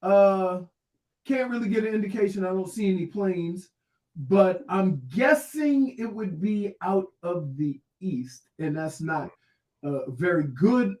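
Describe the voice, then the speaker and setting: A man's voice: high voice, slow, a little mellow, reverberant. A man co-hosting a sports radio show, rambling and thinking aloud in casual banter. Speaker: radio co-host.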